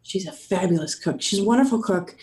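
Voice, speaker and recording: A woman's voice: medium pitch, fairly quick, darkish tone. A woman cohosting a podcast, chatting in an easygoing, talkative way. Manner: chatty, easygoing, laughs often. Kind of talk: casual chat.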